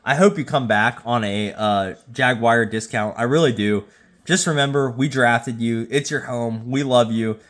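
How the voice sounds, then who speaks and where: Slightly drunk at home, a YouTube host from Jacksonville, Florida, offers loose rating commentary into his phone. He speaks at a moderate pace and a middle pitch, rambling, repeating himself, and tripping over words, with occasional loud, excited bursts.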